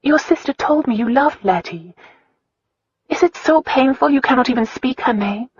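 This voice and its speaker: A woman's voice: high-pitched, expressive, moderate pace, slightly rough, no room sound, muffled recording, voice pushed up. A woman reading an audiobook, voicing an earnest, defiant young noblewoman who pleads and bristles by turns. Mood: earnest pleading. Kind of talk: audiobook dialogue.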